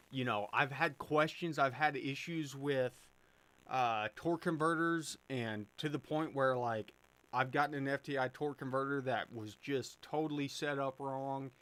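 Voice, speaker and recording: A man's voice: medium pitch, a bit bright, clear, resonant tone. A man hosting a live stream, chatting casually and answering viewer questions with plenty of fillers and restarts. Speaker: livestream host answering chat.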